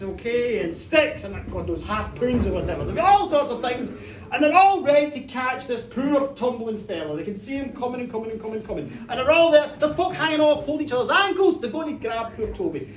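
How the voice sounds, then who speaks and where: A middle-aged woman telling a comic folk tale live, cheeky and animated, chatting with her audience. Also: on the high side, a little fast. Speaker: storyteller. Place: pub bar, live show. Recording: roomy pub, from a distance, faint room noise.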